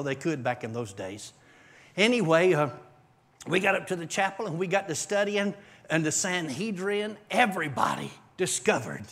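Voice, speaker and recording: A man preaching a testimony to a church congregation, telling his story in an animated way with bursts of shouting and laughter. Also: fairly high pitch. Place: church service.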